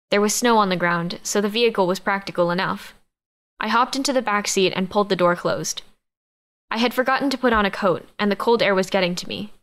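Female audiobook narrator, mid-pitched, even and measured first-person reading. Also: smooth.

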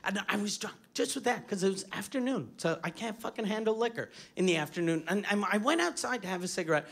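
A man from Quebec, doing a stand-up comedy set on a club stage, telling animated, profane stories full of restarts. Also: high voice, quick pace, gravelly. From Quebec, Canada. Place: comedy club stage before a live audience.

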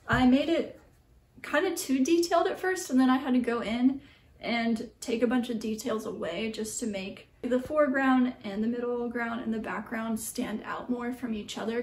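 A woman's voice: on the high side, a little mellow. A young woman, a printmaking artist, chatting casually in a vlog, rambling with lots of ums and likes, in a small studio. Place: small home art studio. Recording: echoey room, mic at a distance.

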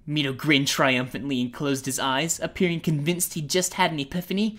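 A woman's voice: low-pitched, fairly even intonation, brisk, hardly any pauses, a bit bright. Woman reading a storybook aloud. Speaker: audiobook narrator. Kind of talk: fan audiobook reading.

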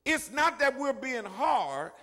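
Older preacher, high voice, shouts and murmurs, long hall reverb. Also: male voice, very animated, slow pace. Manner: preaching, swinging from quiet asides to shouting. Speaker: pastor. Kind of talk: sermon. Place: church sanctuary.

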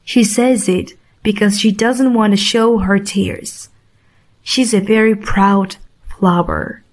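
A woman reading a simple storybook aloud for English learners, clear and deliberate. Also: mid-range voice, fairly even intonation. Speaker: audiobook reader.

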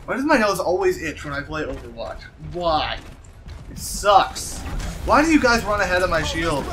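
A man giving casual gameplay commentary, excitable, shouting in frustration and cheering his team on. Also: sits high, moderate pace. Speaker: gaming video host. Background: game music and sound effects.

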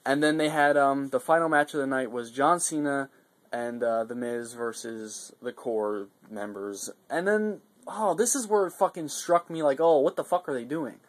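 A man's voice: mid-range voice, normal speed. A man giving a casual, rambling video recap, swearing often and getting worked up between fillers and restarts. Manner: profane, excitable, rambling with fillers. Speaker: vlogger reviewing a wrestling show.

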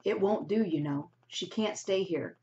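A woman's voice: medium pitch, mellow, close to an everyday voice. A woman reading aloud and voicing a stern, practical older housekeeper in a storybook, on a dull lo-fi recording. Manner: firm, measured, warning.

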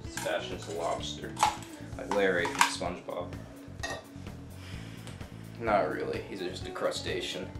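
Young guy rambling and joking, voice on the low side, guitar music and echo around him. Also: flat delivery, a little slow, vocal fry, pauses often. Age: young adult. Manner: rambling, self-interrupting, jokey. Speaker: student video maker. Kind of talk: casual rambling narration. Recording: echoey room with music.

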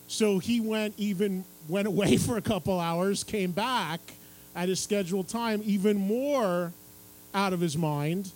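An unhurried, high-sitting voice belongs to a middle-aged radio and TV music host spinning an animated story for a book-signing audience, laughing and playing out other people's dialogue. The setting is a radio station stage at a public event, recorded in low quality.

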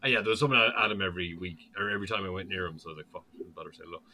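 Low forceful man, rambling. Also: very fast, slight background noise. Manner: rambling and loose, swears freely. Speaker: podcast co-host. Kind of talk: casual chat.

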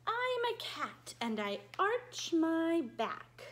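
A woman who teaches dance to small children, reading a picture book aloud in a slow, animated and cheery way that coaxes them to join in. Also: very high voice, slight background noise. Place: dance studio.

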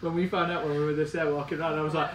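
A man chatting excitedly in a casual vlog, gushing and laughing often. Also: a little high, very fast, slight background noise. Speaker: vlogger.

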